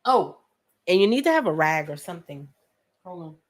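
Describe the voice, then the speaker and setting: A young woman hosting a casual painting tutorial at home, chatty and joking with viewers, often clearing her throat. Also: on the low side, big pitch swings, moderate pace. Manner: chatty, joking asides, talks to viewers as friends; frequent laughs and throat clearing. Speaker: art tutorial host. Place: home studio with a fan running.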